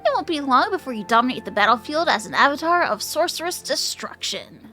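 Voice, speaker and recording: A woman's voice: high voice, big pitch swings, brisk, bright, forceful tone, soft background music, heavily acted. A woman voicing a pompous, condescending mage in a fantasy game, with grandiose, mannered delivery.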